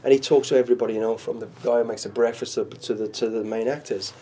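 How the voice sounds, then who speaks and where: A man's voice: mid-range voice, fairly even intonation, fast, dark tone, slight background noise. A middle-aged man, a former soldier, chatting as an interview guest and telling stories with many "you know"s. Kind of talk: casual interview.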